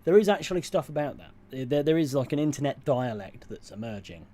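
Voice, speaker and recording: A man's voice: mid-range voice, big pitch swings, brisk, dark tone. A young British man, a streamer chatting casually with his viewers, blunt and sweary with dry asides. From United Kingdom. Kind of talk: casual livestream chat, answering viewers.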